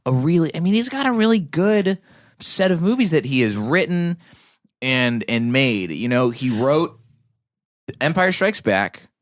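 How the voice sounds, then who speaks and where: A man's voice: a little high, very animated, unhurried. A man hosting a podcast, chatting casually in a crude, joking, rambling way. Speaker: podcast host. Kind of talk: casual chat.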